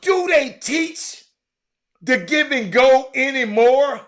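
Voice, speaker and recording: Animated high-voiced man ranting. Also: takes it slowly. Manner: animated, exasperated, hollering. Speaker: host. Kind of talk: ranting monologue.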